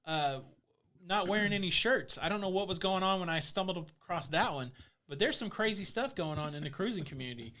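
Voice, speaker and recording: Male host, casual live-stream banter, animated and teasing. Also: high-pitched, brisk. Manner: joking, teasing, reads viewer comments aloud. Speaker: cruise vlogger hosting a live stream.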